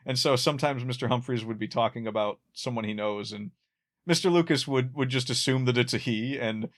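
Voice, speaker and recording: A podcast co-host talks about an old sitcom in a middle-pitched voice that's a little fast. Relaxed and conversational, he wanders through his points with many restarts and laughs at his own jokes.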